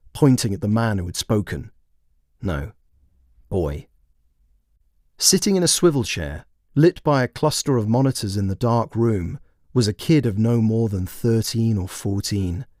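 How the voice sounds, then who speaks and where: A man reading his own written story aloud in measured, plain scripted narration. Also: on the low side, a little mellow, dry recording, clean studio sound. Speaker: author and narrator.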